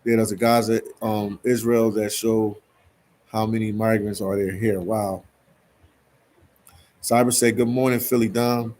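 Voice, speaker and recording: Unhurried and flat, with long pauses, a lowish, darkish male voice reads viewer comments on a casual live stream. He's from Philadelphia, keeps things laid-back, and keeps adding "man" to his sentences.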